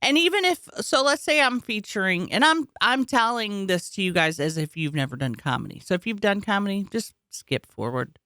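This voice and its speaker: A woman comedian co-hosting a podcast in casual chat, dropping deadpan one-liners and explaining how the job works. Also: mid-range voice, a little fast, hardly any pauses, dry recording, studio quality. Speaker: podcast co-host, stand-up comedian.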